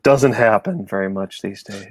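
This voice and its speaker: A man's voice: fairly low pitch, moderate pace, breathy edge, dry recording, poor audio. A man chatting casually while he draws on a live stream, rambling and self-deprecating. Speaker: artist on a live drawing stream. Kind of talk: casual chat while drawing.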